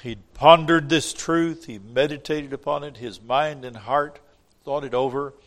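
A man preaching a sermon, swinging between loud emphatic lines and hushed ones, with emphatic repetition. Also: mid-range voice, measured pace.

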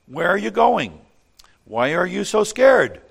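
A man voicing a cheerful, gullible male duck who calls out loudly in a children's story. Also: high-pitched, very animated, slow, creaky, slightly rough, voice pushed up, heavily acted. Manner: loud, bouncy calling out.

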